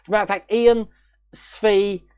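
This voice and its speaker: A man's voice: sits high, fairly even intonation, normal speed, a little mellow, clear, resonant tone. Man, British accent, livestream host, casual rambling chat, frequent chuckles. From United Kingdom. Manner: rambling, chuckles often, reads out and thanks viewers.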